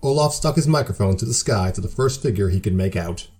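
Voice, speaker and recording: Male host, scripted story narration, dry self-mocking wit, lively animated pitch. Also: brisk.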